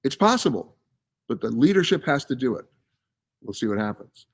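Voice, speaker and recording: This travel show host, a man, sounds very animated, with a medium pitch, breathy edge, and moderate pace. Live from a science center, he chattily and emphatically reads viewer questions and answers them in a casual live-stream chat.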